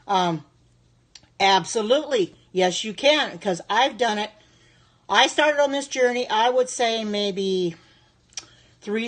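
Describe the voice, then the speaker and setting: A woman in her sixties chatting on a live stream as a home cook, reacting aloud to viewer comments in a devout, thankful way. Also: mid-range voice. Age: 60s.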